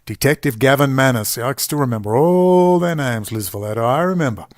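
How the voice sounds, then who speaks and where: A man's voice: medium pitch, lively intonation, fairly quick. Australian man, middle-aged, emphatic storyteller, digressive monologue, mid-range voice. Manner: digressive, recounts dialogue, emphatic asides. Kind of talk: rambling personal storytelling monologue.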